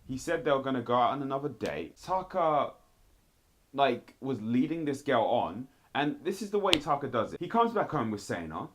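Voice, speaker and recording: A man giving blunt, animated commentary on a TV show, with sudden jumps in pitch as he talks straight at the people he reviews. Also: normal speed, noisy background. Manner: blunt, addresses people directly. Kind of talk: casual commentary video.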